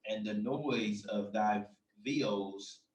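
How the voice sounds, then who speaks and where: A man's voice: on the low side, drawn-out words. Man reading scripture, far and echoey. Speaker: scripture reader.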